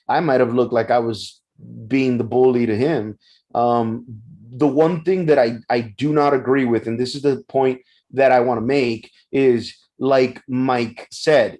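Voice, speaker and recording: A man's voice: medium pitch, darkish tone. A man co-hosting a podcast, telling a story casually and animatedly, with frequent restarts. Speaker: podcast co-host. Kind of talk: casual discussion.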